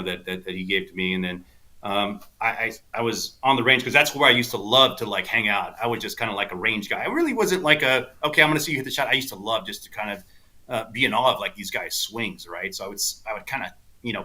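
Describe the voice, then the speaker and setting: Bright-voiced man telling golf stories. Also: lowish voice, fairly quick. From South Texas. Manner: rambling anecdotes full of fillers, animated quoting. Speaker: podcast guest, golf instructor. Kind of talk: casual storytelling chat.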